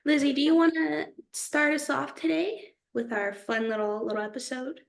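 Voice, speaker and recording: A young woman from Texas co-hosting a casual chat podcast, bubbly and quick to laugh, gushing over her friend. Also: sits high, gravelly. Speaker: podcast co-host.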